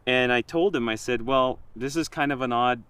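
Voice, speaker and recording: Guy chatting, animated storyteller, dry close sound, mid pitch. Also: normal speed, clear, resonant tone, no echo. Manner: animated storyteller, quotes himself and others. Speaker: project creator. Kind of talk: casual conversation.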